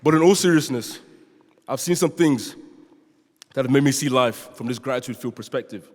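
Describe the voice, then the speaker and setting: The speaker is a young man, born in Nigeria and based in London, whose accent is London English. He talks a little fast at a medium pitch, giving an earnest prepared speech to a large chapel audience as a student speaker and slipping in the odd joke. There's long reverb from the chapel hall.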